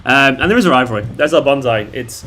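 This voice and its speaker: A man's voice: mid-range voice, animated, fast talker, fairly bright tone. An English man hosting a casual live chat, chatty and jokey. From England. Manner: chatty, jokey, trying silly accents. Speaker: channel host.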